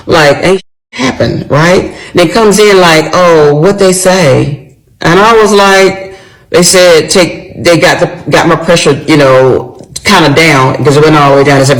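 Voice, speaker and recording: A middle-aged woman telling a personal story in a casual storytime monologue, animated and talking straight to her viewers. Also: deep voice, vocal fry, low-quality recording.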